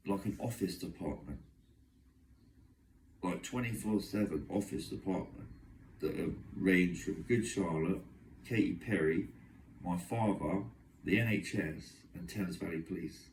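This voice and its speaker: Deep-voiced Englishman, aggrieved and rambling. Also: a little mellow, recorded from a distance, a little hiss or hum. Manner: aggrieved, agitated, run-on storytelling. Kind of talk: rambling monologue to camera. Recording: echoey room, voice away from mic.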